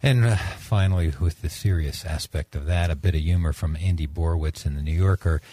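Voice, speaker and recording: Deep, dark-voiced male radio host. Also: a little fast, slightly rough. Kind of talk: reading news with commentary.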